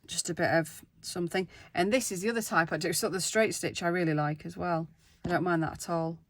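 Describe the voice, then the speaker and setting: A woman's voice: lowish voice, fairly even intonation, brisk, no room sound. A woman in her thirties, chatting casually and self-deprecatingly to viewers as she works on a craft project at home. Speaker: craft vlogger. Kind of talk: casual craft-along chat.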